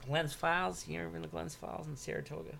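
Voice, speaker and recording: A man hosts a loose, casual chat in a gravelly voice. He jokes crudely and swears in almost every sentence. Faint noise hums beneath. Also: a little high, little pitch movement, fast talker, sharp tone. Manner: crude, heavy swearing, joking. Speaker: podcast host.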